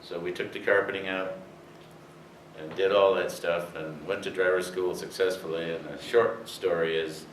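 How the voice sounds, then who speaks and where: At a moderate pace, an older man with a low voice and fairly even intonation shares meandering racing anecdotes with an audience, peppered with fillers. Expect a distant, roomy recording with faint hiss.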